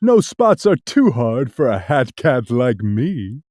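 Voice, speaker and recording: A storyteller doing a cocky, chuckling storybook cat in a tall hat. the voice drops low and swoops around a lot as he brags, slow and unhurried, close and dry with no room sound. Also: sing-song, darkish tone, dry recording. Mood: mischievous. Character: mischievous grown tomcat in a hat, boastful. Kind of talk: storybook read-aloud.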